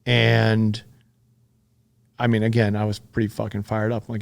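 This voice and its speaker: A middle-aged man, a podcast guest, telling a story casually and candidly, swearing freely and getting animated as he recounts it. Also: fairly low pitch, measured pace, creaky, pauses often.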